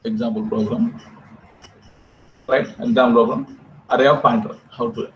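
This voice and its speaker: A man giving a classroom programming lecture, repeating phrases slowly and checking in with his students. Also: mid-range voice, flat delivery, highs cut off, slight background noise. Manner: repetitive, drawn-out, checks in with students.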